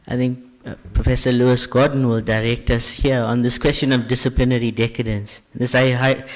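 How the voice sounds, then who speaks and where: Polite man chairing a question session. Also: medium pitch. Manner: polite, with frequent fillers. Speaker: moderator. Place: large lecture hall.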